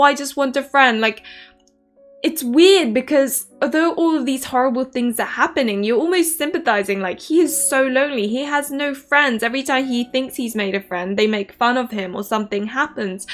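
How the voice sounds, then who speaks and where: A woman talks through a book review in a relaxed, chatty way, slipping into quick voiced asides for the characters and laughing along. Her voice sits a little high, and faint music plays softly behind her. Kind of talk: casual book review chat.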